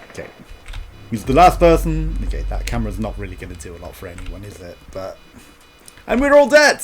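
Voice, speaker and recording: A man's voice: on the low side, wildly swooping pitch, normal speed, pauses often, faint music behind. A young man giving casual, teasing commentary while streaming a game, swearing and laughing often.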